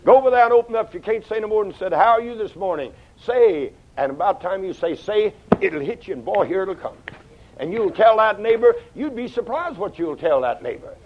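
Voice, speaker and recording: An older man preaching a sermon, folksy and storytelling, swinging between loud outbursts and hushed asides. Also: high voice, lively intonation, a little fast. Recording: dull lo-fi sound.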